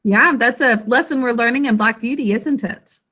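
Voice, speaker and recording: A woman teaching a class over a video call, encouraging and sounding out words slowly. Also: fairly high pitch, sharp tone.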